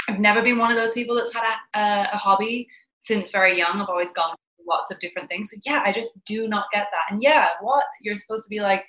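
A woman joins a podcast as a guest, chatting casually in a bright voice. The room around her is echoey, and she talks quickly and candidly, with dry asides. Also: mid-range voice.

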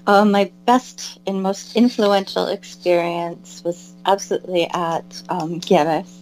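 In a casual interview, an American woman who is a pilgrim and albergue volunteer chats as the guest, warm and wandering, full of fillers and restarts. Her voice sits on the low side with fairly even intonation and an unhurried pace, and the recording is rough.

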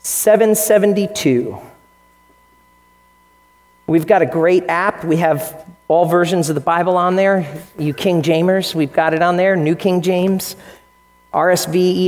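A man's voice: fairly high pitch, a little mellow, in a large hall. A male pastor preaching a sermon in an earnest way, acting out the quotes he tells. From United States. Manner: earnest preaching, acts out quotes in shifting voices. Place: church hall.

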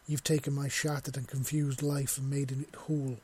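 A man voicing a tender male scaly clawed creature, speaking softly and with heartfelt devotion in a husky voice. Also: medium pitch, flat delivery, moderate pace, natural voice. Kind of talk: audio story reading.

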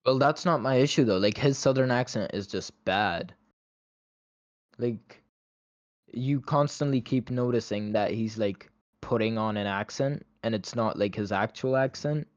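A man's voice: medium pitch, unhurried, no echo, lo-fi sound. A man in a casual movie review chat, opinionated and chatty, with a lot of "like" between his words. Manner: opinionated, chatty, many "like" fillers.

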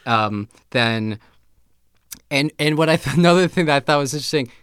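A man's voice: fairly high pitch, expressive, normal speed, a bit bright, smooth, no echo, clean studio sound. A man co-hosting a podcast, casually chatting and thinking aloud with fillers and restarts. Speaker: podcast co-host. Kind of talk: casual chat.

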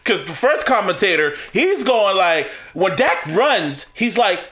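A man co-hosting a podcast, telling sports stories in casual chat, laughing often and getting excited. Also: high-pitched, unhurried. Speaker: podcast co-host.

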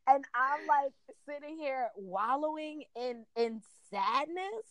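A woman's voice: high voice, expressive, takes it slowly, few pauses, fairly bright tone, dry recording. A woman in casual conversation as a guest, animatedly telling a personal story and acting out her own past thoughts. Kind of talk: casual chat.

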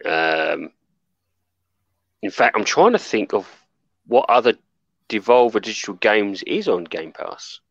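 A man's voice: fairly low pitch, very animated, a little slow, creaky, long pauses, dry recording. A man co-hosting a casual gaming chat, rambling and trailing off while he searches for names. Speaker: podcast co-host. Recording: dull, slightly lo-fi mic.

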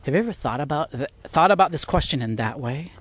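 Animated man walking and talking. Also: fairly high pitch, quick pace, dry recording. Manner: animated, thinks aloud with restarts; walking outdoors while talking. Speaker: podcast host. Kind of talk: casual devotional talk.

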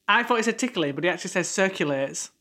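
A man's voice: high voice, animated, fast, bright, forceful tone. A man, co-hosting a casual music podcast, chatty and rambling, laughing often. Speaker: podcast co-host. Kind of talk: casual chat.

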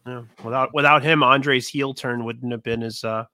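Bright-voiced man rambling on a podcast. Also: mid-range voice, steady tone, normal speed, dry recording. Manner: rambling, profane, enthusiastic. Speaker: podcast panelist. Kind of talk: casual podcast chat.

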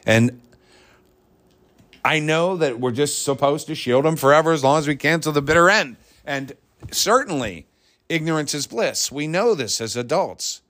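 A man talking in a rambling, reflective monologue full of fillers and restarts. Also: lowish voice. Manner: reflective, grows more animated on points. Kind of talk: casual monologue.

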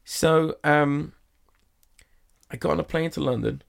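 This man's voice is fairly high, steady and measured, with vocal fry. A magician appearing as a guest, he's in a sauna spinning a rambling, casual anecdote full of fillers and reported back-and-forth dialogue.

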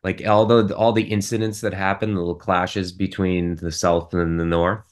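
A man with a fairly low voice chats casually about movies on a podcast. He rambles and restarts his sentences often as he works through his thoughts. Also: level tone, moderate pace. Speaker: podcast co-host. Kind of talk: casual film discussion.

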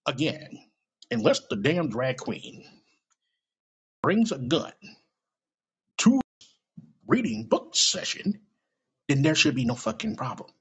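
A man's voice: medium pitch, very animated, takes it slowly, long pauses, fairly bright tone, breathy edge. A man hosting a podcast, giving a blunt, rambling opinion monologue with profanity and acted-out quoted asides. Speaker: podcast host. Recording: lo-fi podcast recording.

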